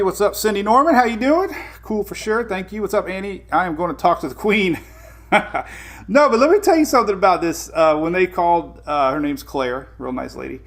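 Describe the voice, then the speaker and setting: A man's voice: high voice, a bit bright, a little hiss or hum. Chatty Southern-accented man hosting. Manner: rambling, chatty, greets viewers by name, laughs often. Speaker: weather show host. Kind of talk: casual live-stream chat.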